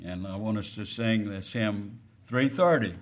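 The speaker is a man giving a sermon; he talks slowly and deliberately, with quiet low stretches broken by loud, pointed emphasis on key words.

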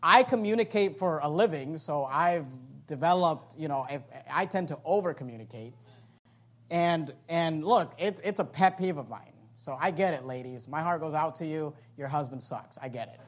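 A man with a high, bright speaking voice preaches a sermon. He is animated and joking, and breaks off into quick acted-out voices before returning to his numbered points. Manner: animated, joking asides, acts out voices of others. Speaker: pastor.

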